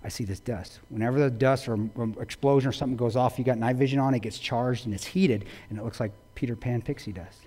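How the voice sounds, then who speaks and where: A man's voice: medium pitch, fast, few pauses, darkish tone, slightly rough. A man giving a public talk, retelling a story intensely with quoted dialogue. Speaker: guest speaker. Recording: long reverb of a large hall.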